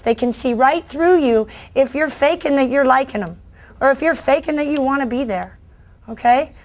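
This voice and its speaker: A middle-aged woman, a children's book author, giving a playful, animated talk to education students and quizzing the audience. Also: high-pitched.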